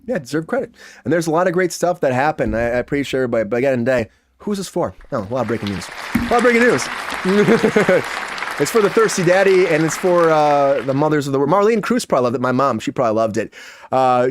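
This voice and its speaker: A man hosting a comedy entertainment news show, talking fast and joking, often dropping into quick impressions. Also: a little high, expressive, a crowd in the background, background noise. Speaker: host.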